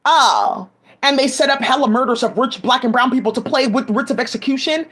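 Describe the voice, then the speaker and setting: A woman's voice: high-pitched, big pitch swings, fairly quick, fairly bright tone, slightly rough. A woman giving rambling, profane commentary full of restarts, agitated asides and fillers, speaking into a home mic. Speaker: commentary vlogger.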